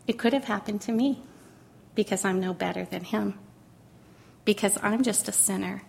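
A middle-aged woman sharing a personal testimony in a sermon, earnest and emotional, drawing words out slowly for emphasis. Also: medium pitch, gravelly, darkish tone, a little hiss or hum. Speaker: pastor's wife speaking to a congregation.

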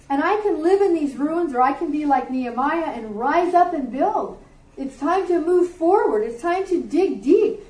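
A woman's voice: sits high, reverberant, recorded from a distance, rough recording. A middle-aged woman giving a sermon to a group, earnest and conversational, with offhand asides. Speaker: Bible teacher. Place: warm room with a group.

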